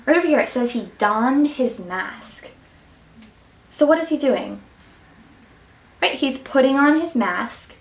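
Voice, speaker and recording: A woman with a fairly high, bright voice guides children through a story lesson, asking questions and cheering right answers. Her voice reaches the mic from a distance and rings around an echoey room. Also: lively intonation, takes it slowly, pauses often. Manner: bright, encouraging teacher voice with a singsong lilt. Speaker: student teacher reading a picture book. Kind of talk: reading aloud and quizzing children on grammar.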